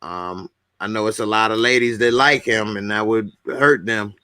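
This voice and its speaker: Bright-voiced man hosting a casual show. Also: moderate pace, smooth, no room sound. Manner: loose and joking, breaks into high falsetto singing. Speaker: show host. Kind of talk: casual chat on a live show.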